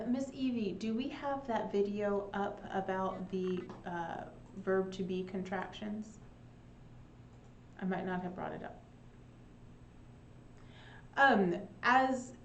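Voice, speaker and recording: A woman teaching an English lesson, saying short phrases slowly and clearly for learners. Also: medium pitch, a little mellow, reverberant, muffled recording, slight background noise. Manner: slow, clearly spaced teaching delivery with short repeated phrases. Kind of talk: online English lesson for Spanish speakers.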